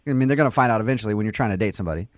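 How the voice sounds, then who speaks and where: A man's voice: fairly low pitch, very fast, dry recording. A man hosting a morning radio show, chatting casually and teasing his caller with frequent laughs.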